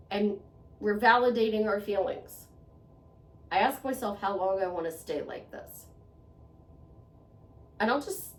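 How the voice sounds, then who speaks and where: A woman speaking to the camera in a motivational monologue, earnest and conversational, repeating phrases for emphasis. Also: mid-range voice. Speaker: self-help vlogger. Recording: echoey room, voice a bit far from mic.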